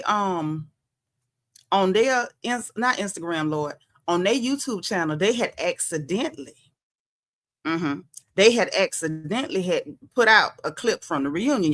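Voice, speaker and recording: A woman's voice: medium pitch, expressive, moderate pace, fairly bright tone. A woman with a Southern US accent hosting a casual livestream, chatty and sassy, greeting viewers by name as she talks. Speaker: livestream host.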